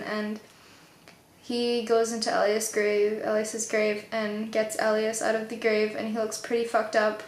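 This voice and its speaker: A woman giving a casual book review, rambling and offhand, full of fillers. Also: a little high. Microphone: low-budget camera mic. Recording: echoey room.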